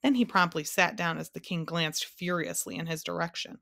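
A woman, a teacher, reading a children's novel aloud in a clear, steady storytelling voice. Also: fairly low pitch, normal speed. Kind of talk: storybook read-aloud narration.

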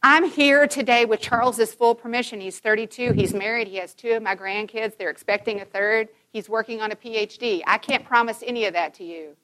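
Brief: woman in her fifties, Christian conference speaker, bright and fairly high voice, animated, acts out dialogue in her stories. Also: a little fast, hardly any pauses. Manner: emphatic and animated, acting out dialogue. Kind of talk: Christian conference talk, personal storytelling.

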